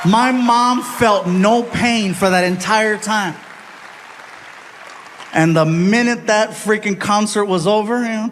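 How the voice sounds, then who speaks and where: A middle-aged male stand-up comedian telling stories on a live stage into a handheld mic, animated, doing voices and crowd work. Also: high voice, measured pace, slight background noise. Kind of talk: stand-up storytelling.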